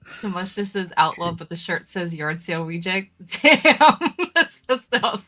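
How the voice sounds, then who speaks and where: A woman's voice: fairly low pitch, very animated, unhurried, bright, forceful tone. A woman co-hosting a casual talk show who laughs often while reading viewer comments aloud. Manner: giggly, reads chat comments aloud. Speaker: co-host. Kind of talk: casual chat.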